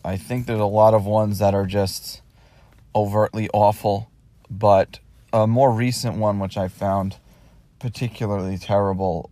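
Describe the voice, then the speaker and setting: A man's voice: fairly low pitch, a little mellow, no room sound. A man hosting a casual solo podcast, talking in a wry, rambling way with many fillers while recording on his phone in his parked car. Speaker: podcast host.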